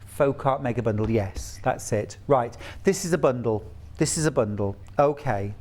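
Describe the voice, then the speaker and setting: A man's voice: medium pitch, moderate pace, a little mellow. Middle-aged UK man, chatty and gushing live shopping host, mid-range voice. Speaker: shopping channel presenter. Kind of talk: live sales presentation.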